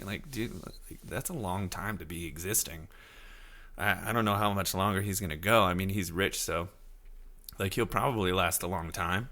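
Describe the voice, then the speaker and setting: A man in his thirties hosting a casual solo podcast, rambling loosely and reacting to his chat, now and then slipping into high silly voices to quote people. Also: moderate pace, bright, forceful tone. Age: 30s. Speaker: podcast host.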